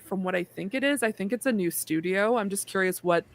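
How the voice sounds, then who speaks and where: A woman's voice: medium pitch, fairly quick, dry recording. A woman co-hosting a gaming podcast, chatting casually with many fillers and restarts. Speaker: podcast co-host. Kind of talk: casual chat.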